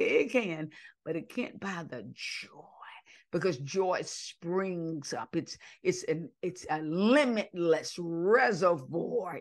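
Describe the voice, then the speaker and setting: A middle-aged woman hosting a devotional podcast, preaching with fervent cadence that sometimes drops to an emotional whisper. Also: medium pitch. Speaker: podcast host and minister.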